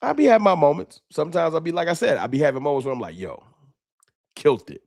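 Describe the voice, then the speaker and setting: A man's voice: fairly high pitch, big pitch swings, fast, creaky, a little mellow, no echo, studio quality. A man hosting a late-night sports fan livestream, talking off the cuff with emotion and slang. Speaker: sports fan show host.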